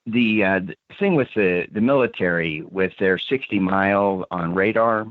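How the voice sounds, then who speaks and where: A man's voice: deep voice, moderate pace, no room sound. A man from central Pennsylvania calling in to a show, chatting in a rambling way with lots of fillers. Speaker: caller. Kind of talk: casual phone-in chat. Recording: tinny phone line.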